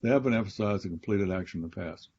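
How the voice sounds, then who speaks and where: Man, Bible professor, lowish mellow voice, husky, patient step-by-step teaching, slightly dull recording. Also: quick pace. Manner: explains grammar step by step, professorial, repeats key phrases. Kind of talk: teaching conversation on a podcast.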